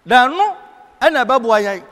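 High-pitched Ghanaian man preaching in a hall. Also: big pitch swings, takes it slowly, fairly bright tone. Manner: preaching in Twi, switching to English for scripture and key phrases. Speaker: Bible class teacher. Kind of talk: sermon-style Bible teaching.

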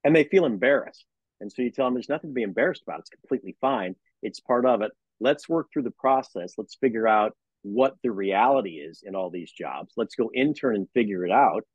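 A man's voice: on the low side, fairly quick, breathy edge, dry recording, highs cut off. A man who teaches sports management and works as a broadcaster, speaking as an interview guest on a video call and acting out conversations with his students. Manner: animated storyteller who acts out dialogues with students. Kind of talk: casual interview talk.

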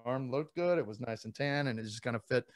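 A man's voice: mid-range voice, quick pace, dry recording. Joking man, dry close sound. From East Texas. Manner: self-deprecating, joking, many restarts. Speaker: actor, guest. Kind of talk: casual interview.

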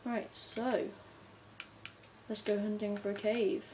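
Slow, mellow woman gaming. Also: medium pitch. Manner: chatty, talks to herself while playing, bursts of excitement. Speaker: gamer narrating her play. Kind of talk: casual gameplay commentary. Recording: faint background noise.

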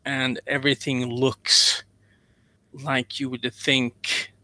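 A man's voice: medium pitch, little pitch movement, takes it slowly, sharp tone, dry recording. A man hosting a casual book discussion, rambling and joking as he goes. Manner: rambling, jokey, mimics voices. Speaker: podcast host, author.

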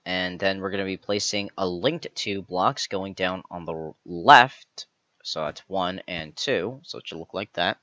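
A man's voice: deep voice, a little slow, bright, forceful tone, no room sound, lo-fi sound. A man hosting a step-by-step game building tutorial, methodically counting each block aloud as he places it. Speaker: tutorial host.

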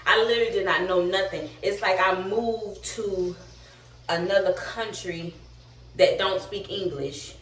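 In an unhurried, fairly bright medium-pitched voice, a young woman recounts a story for her vlog. She's chatty, slangy and candid while slightly out of breath, captured on a distant mic in an echoey room.

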